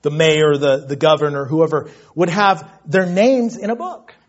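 A man preaching a sermon with passion, dropping to a hush and then rising loud and fervent. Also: fairly high pitch, moderate pace, muffled recording. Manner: impassioned, swings from hushed to loud. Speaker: pastor.

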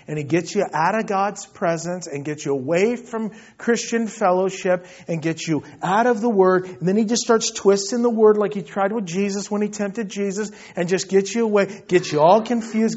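A man preaching a sermon with passion, dropping to a hush and then rising loud and fervent. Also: high voice, moderate pace, few pauses, highs cut off. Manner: impassioned, swings from hushed to loud. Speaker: pastor.

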